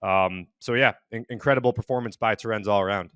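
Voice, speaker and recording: A man co-hosting a casual sports chat in a measured, analytical manner with some teasing. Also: fairly low pitch, a bit bright, clear, resonant tone, dry recording, clean studio sound. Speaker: co-host.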